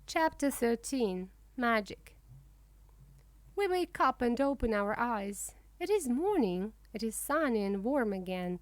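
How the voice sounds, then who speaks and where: A woman reading a children's storybook aloud in a slow, clear way for young English learners. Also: on the high side, sing-song, no echo. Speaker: narrator. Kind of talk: children's book read-aloud.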